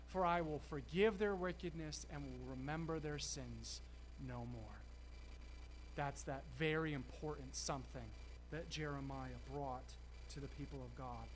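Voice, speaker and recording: A man preaching a sermon, emphatic, slowing and stressing key words with dramatic pauses. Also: a little high, slight background noise.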